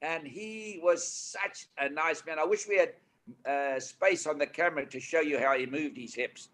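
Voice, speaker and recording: A man in his eighties with a South African accent, telling anecdotes as an interview guest in a lively, animated way. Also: on the high side, normal speed. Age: 80s. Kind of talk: storytelling interview. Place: indoor studio couch.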